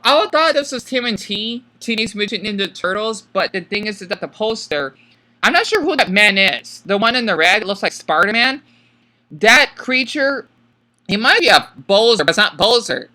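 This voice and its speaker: Bright-voiced hesitant man, monotone delivery. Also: sits high. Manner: self-described monotone, hesitant with many fillers. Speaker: video creator. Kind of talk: casual commentary on a film.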